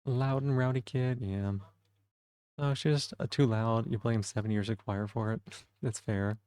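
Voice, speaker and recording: A man streaming live in casual chat, soft-spoken and rambling as he reads the chat aloud. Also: mid-range voice, steady tone, measured pace, clean tone, no echo.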